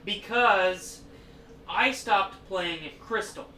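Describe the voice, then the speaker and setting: A man hosts a casual podcast, rambling through stories and swearing a lot. His voice sits high, slow and sharp-toned, recorded on a distant mic in an echoey room with slight background noise.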